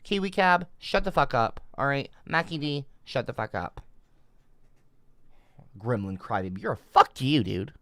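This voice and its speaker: A man's voice: mid-range voice, measured pace, fairly bright tone, no echo, clean studio sound. A man livestreaming, rambling defensively and swearing often. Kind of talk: casual livestream rant.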